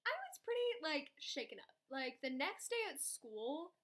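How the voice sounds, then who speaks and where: A young woman vlogger telling a story in casual chat, dramatic and chatty, jumping between loud outbursts and soft asides. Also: high-pitched, sing-song, normal speed.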